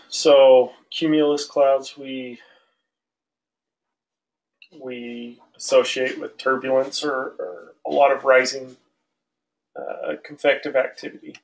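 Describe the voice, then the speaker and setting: Slow-talking male aviation instructor. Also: medium pitch, vocal fry, low-quality recording. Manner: relaxed, loose, many fillers and restarts. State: out of breath. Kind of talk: online class lecture.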